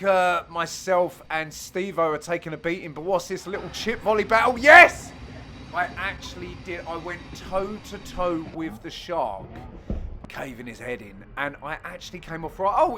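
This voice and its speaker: Middle-aged bloke doing banter over his padel highlights, bright voice. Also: animated, a little fast, a little hiss or hum. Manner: cheeky banter, bursts of loud exclamations. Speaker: amateur padel player commentating his own match video. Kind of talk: jokey voice-over commentary on match highlights.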